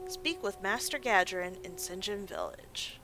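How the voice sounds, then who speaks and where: A woman's voice: mid-range voice, measured pace, music in the background, natural voice, low-quality recording. A woman voicing a stern orc woman who gives orders and fears a coming threat. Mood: ominous. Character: grave orc woman giving orders, foreboding.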